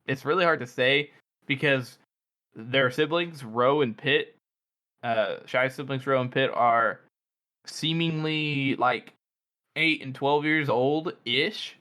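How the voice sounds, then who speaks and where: A man's voice: mid-range voice, slow pace, sharp tone. A man co-hosting a podcast who explains a timeline carefully and hedges with many fillers. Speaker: podcast co-host. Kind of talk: casual book discussion.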